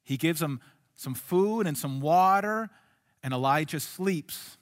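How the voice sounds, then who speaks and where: A male pastor delivers an earnest sermon with a high voice. He drops to soft, hushed lines, then lifts into emphatic ones. His voice rings with the long reverb of a large hall. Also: expressive, takes it slowly.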